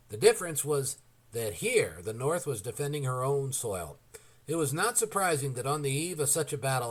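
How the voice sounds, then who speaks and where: A man reading a historical novel aloud as an audiobook narrator, in a measured, deliberate way. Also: fairly high pitch, rough recording.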